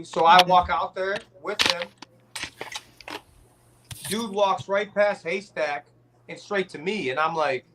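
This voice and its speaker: Rambling storyteller man, raised pitch. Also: measured pace, pauses often, background noise. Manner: rambling storytelling, frequent restarts and profanity. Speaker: guest rapper telling a story. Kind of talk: casual podcast chat.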